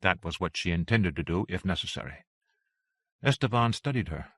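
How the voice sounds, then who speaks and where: A man reads a novel aloud in a measured, expressive way. His voice is bright and fairly low, with a lively pitch, in a dry, close setting. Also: dry recording. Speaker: audiobook narrator. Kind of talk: scripted narration.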